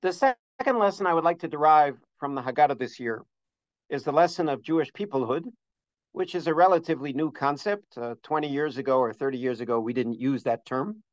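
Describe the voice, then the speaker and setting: Speaking a little fast and a little high, with no echo, a religious teacher delivers a scholarly holiday lesson. He comes across as earnest, citing his sources in detail and saying uh often, captured on a dull, dry recording.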